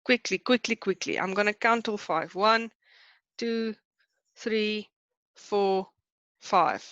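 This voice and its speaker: Brisk South African woman teacher. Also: medium pitch, fairly bright tone, no echo, dull audio. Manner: brisk, chatty, counting aloud to hurry students. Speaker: Afrikaans teacher. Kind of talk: online class lesson.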